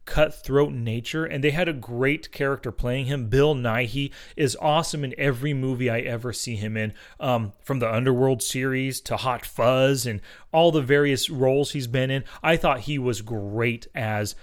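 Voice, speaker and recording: A man's voice: medium pitch, moderate pace, few pauses. An American man co-hosting a casual film chat, enthusiastic and conversational. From United States. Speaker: podcast co-host discussing films.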